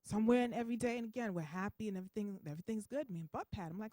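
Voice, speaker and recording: A woman comedian doing animated stand-up storytelling on a stage mic. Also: mid-range voice, very fast, no room sound.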